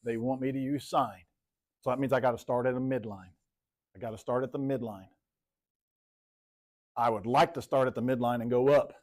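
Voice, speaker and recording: A man's voice: medium pitch, steady tone, normal speed, pauses often, darkish tone. Man, math teacher, classroom lecture, casual, repetitive, talks to students. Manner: casual, talks to students by name and repeats himself.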